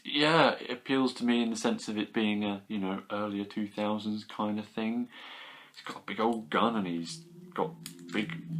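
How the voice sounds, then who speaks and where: A young British man chatting casually about his toy haul, enthusiastic and rambling, with quick asides. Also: fairly low pitch, fairly bright tone. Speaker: toy collector vlogger. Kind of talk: casual chat.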